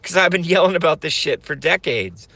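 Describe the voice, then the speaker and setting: A man's voice: a little high, expressive, a little fast, creaky, pushed and bright, no echo. A man ranting profanely on a livestream, rambling and repeating his lines for comic effect. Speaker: streamer.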